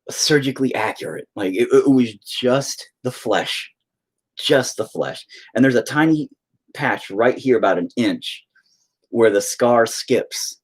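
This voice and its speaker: Profane, animated man telling a story. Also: mid-range voice. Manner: profane, rambling, emphatic. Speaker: streamer. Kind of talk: casual storytelling to a chat.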